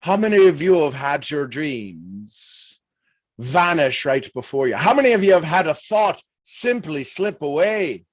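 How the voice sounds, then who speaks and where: Man doing a cheeky Irishman with a thick brogue, teasing and folksy, voice sitting a bit high, close and dry. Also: very animated, unhurried, no echo. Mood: playful. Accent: Irish, put on. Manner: folksy, teasing, full of colloquialisms. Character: cheeky adult Irishman spinning folksy motivational yarns. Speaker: host.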